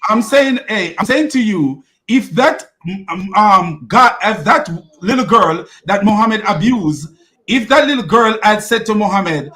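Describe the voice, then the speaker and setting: A man's voice: high voice, animated, normal speed, sharp tone. A man hosting a heated religious debate, insistent and repeating his questions while talking over the other speaker. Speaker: channel host debating a caller.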